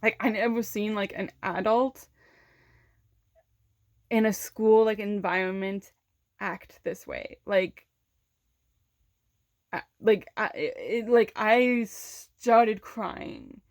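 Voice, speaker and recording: A woman's voice: medium pitch, slow, long pauses, dry recording, clean studio sound. A young woman vlogger candidly recounting a personal story in casual speech, with many fillers and restarts. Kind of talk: storytime vlog.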